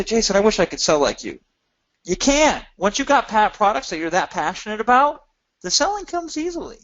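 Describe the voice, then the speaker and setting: A middle-aged man giving an energetic, emphatic sales pitch on a webinar, repeating phrases for effect. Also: muffled recording. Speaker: product seller on a marketing webinar.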